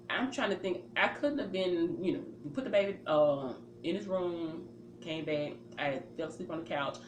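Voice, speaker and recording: A woman casually telling a personal story. She acts out her own reactions and leans on fillers as she goes. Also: mid-range voice. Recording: roomy with faint ambient noise.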